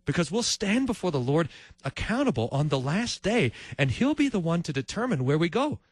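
A male preacher giving a sermon in animated storytelling style, acting out each voice. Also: a little high, fairly quick, slightly rough, dry recording.

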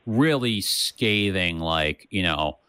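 A man with a somewhat low voice talks through a Bible passage in a relaxed, conversational way. He restarts his sentences often and keeps checking in with "right?". The recording is close and dry. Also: slow, clear, resonant tone, no room sound. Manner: thinks aloud with many restarts and "right?" tags. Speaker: co-host of a Bible study podcast. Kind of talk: casual Bible discussion.

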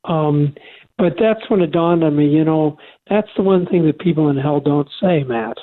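An older man co-hosting a faith talk show, speaking earnestly and haltingly with many restarts. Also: on the high side. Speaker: radio show co-host. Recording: tinny phone line.

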